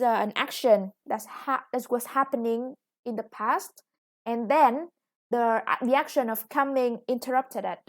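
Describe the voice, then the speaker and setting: A woman with a Vietnamese accent teaching an English lesson, explaining patiently and drawing out new words as she goes. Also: fairly high pitch. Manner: patient, explains slowly, stretches new words, self-corrects. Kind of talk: recorded classroom lesson for students.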